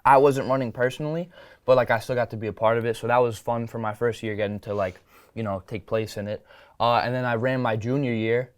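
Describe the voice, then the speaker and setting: Teen guy on a school show, excited and rambly, mouth full of cookie, dry close mic. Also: medium pitch, quick pace, dry recording. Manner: upbeat, rambling, eats while talking. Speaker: student guest, upcoming event host. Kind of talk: casual chat interview.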